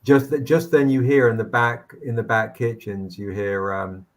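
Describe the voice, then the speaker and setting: Man narrating a tabletop game, halting. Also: on the low side, fairly even intonation. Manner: rambling, halting, many restarts. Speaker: game master.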